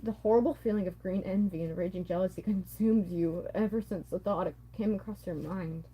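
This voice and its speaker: A woman's voice: on the low side, fairly quick, dark tone, breathy edge, low-quality recording. A woman reading a fan story aloud, who laughs often, stumbles over words and breaks off to comment. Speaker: story reader.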